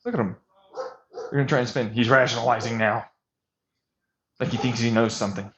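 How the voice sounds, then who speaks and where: A man delivers an intense vlog rant, agitated and sarcastic, firing off one pointed question after another. His pitch sits in a middling range, and the recording sounds dull and lo-fi. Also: fairly even intonation, brisk, noisy background. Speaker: vlogger.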